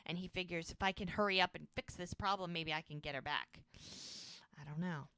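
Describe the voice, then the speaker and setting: A woman with a smooth, clear voice and a fairly low pitch chats casually on a podcast. She retells scenes and acts out snippets of dialogue, and her mic sounds dry and close. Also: fairly quick, no room sound. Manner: retells scenes with quoted lines, animated. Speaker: podcast co-host. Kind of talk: casual recap chat.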